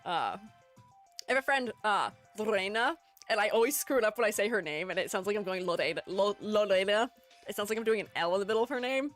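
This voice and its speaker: Chatting casually on her live stream as she critiques art, a woman speaks fairly quickly in a mid-range voice with lively intonation. There's faint music in the background, and she rambles, giggles at herself, and pokes fun at herself.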